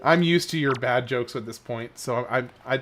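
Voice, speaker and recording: Faint music plays behind this Oklahoma streamer, a Southern-accented man chatting easily with viewers on a headset mic while he plays, chuckling often. He speaks in a mid-range, slightly bright voice at a moderate pace.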